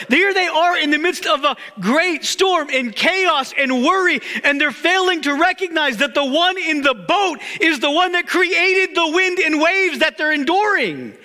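Pastor, male, very high bright voice, emphatic repeated phrases, reverberant hall. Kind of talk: sermon.

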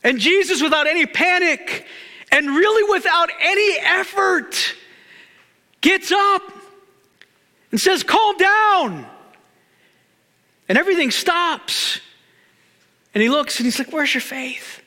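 Pastor, male, very high bright voice, emphatic repeated phrases, reverberant hall. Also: lively intonation, unhurried, pauses often. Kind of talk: sermon.

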